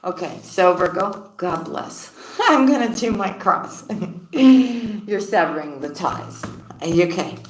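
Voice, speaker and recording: A woman's voice: lowish voice, animated, slow. A woman giving a casual tarot reading, laughing often and repeating her phrases. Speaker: tarot card reader. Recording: roomy echoey room.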